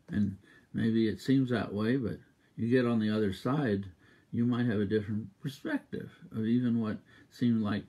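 A man preaching a sermon as a minister, exuberant and emphatic, repeating exhortations and breaking into loud rhythmic laughter. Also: medium pitch, slightly rough.

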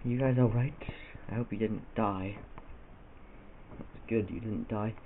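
There's a man vlogging here, unhurried and steady, with a fairly low pitch as he rambles playfully at the camera with silly asides. His lo-fi camera mic sounds tinny and hisses loudly.

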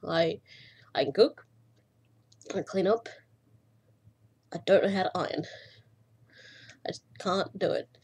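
A young woman vlogging about her cross-stitch hobby, breathy and often short of breath, rambling casually with fillers and self-deprecating asides. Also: medium pitch, a little mellow. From Australia. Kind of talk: casual chat.

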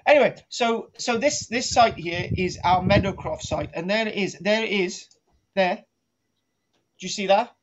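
A man's voice: sits high, moderate pace. A man giving a comic archaeology lecture, rambling and repeating himself, often asking "right?". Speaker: archaeology teacher. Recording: dull lo-fi sound.

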